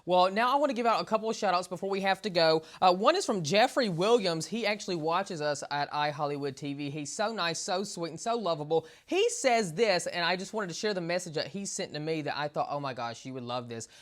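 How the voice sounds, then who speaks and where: A man's voice: sits high, animated, a little fast, few pauses, fairly bright tone. A man hosting an entertainment interview, gushing and enthusiastic, with lots of affirming fillers. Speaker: interview host.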